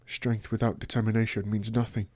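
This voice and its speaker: A man's voice: on the low side, little pitch movement, a little fast, a little mellow, no room sound, close to an everyday voice. A man voicing a stern older lord and father in a let's play, with a solemn, lecturing delivery.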